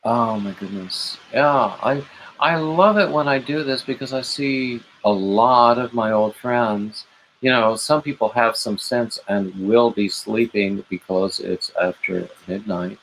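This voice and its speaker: A man hosting a late-night livestream in a leisurely, drawn-out way, rambling through stories and greeting chat viewers by name. His tone turns gushing and emotional in asides. A faint hiss sits under his voice. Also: medium pitch, a bit bright, low-quality recording. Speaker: livestream host.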